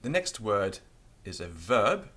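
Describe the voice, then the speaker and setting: A man teaching a beginners' language lesson, patiently spelling out words letter by letter. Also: slow pace. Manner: lively pitch, stresses example words.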